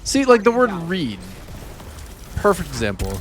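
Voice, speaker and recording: A man's voice: sits high, huge pitch swings, normal speed, slight background noise. A man streaming a game, rambling casually about words he says oddly and chatting with viewers as he plays. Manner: rambling, self-deprecating, chats with viewers while playing. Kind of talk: casual gaming stream chat.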